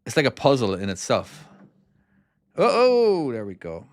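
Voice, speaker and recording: A man's voice: on the low side, animated, fast, no room sound, clean studio sound. A man, casually chatting on a live stream while playing his own trucking game and reading out viewer comments. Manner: chatty, easily distracted, reads comments aloud.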